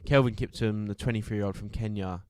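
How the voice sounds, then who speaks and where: Low-voiced man chatting casually. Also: fairly even intonation, fairly quick, a little mellow, clean tone, dry recording, studio quality. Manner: chatty, laughs easily. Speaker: podcast co-host. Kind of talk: casual football podcast chat.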